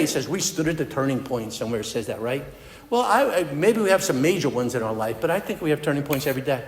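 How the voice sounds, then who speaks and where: Earnest man speaking in an echoey hall. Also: fairly high pitch. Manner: earnest, conversational storytelling with restarts. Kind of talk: personal recovery talk. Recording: echoey hall with long reverb.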